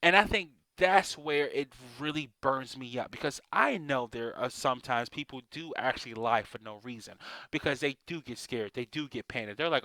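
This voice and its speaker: A man's voice: medium pitch, normal speed, pushed and bright, no echo. A man in a casual ranting monologue, exasperated and swearing often as he vents about things he hates. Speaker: vlogger.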